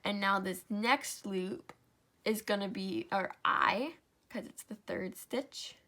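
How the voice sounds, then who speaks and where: Here a craft tutorial host, young and sleepy with frequent yawns, explains a project step by step in a relaxed, talkative style, apologizing and self-correcting often. She takes it slowly, her mid-range voice bright and forceful.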